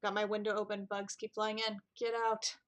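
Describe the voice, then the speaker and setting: A woman's voice: mid-range voice, completely flat delivery, brisk, soft background music. A woman hosting a let's play, chatting casually and self-deprecatingly while she plays. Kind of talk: casual game commentary.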